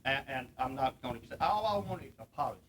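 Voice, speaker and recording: A man's voice: mid-range voice, animated, racing, fairly bright tone, a little hiss or hum. A plain-spoken man, earnestly asking for an apology on live TV. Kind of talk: live TV wrestling segment.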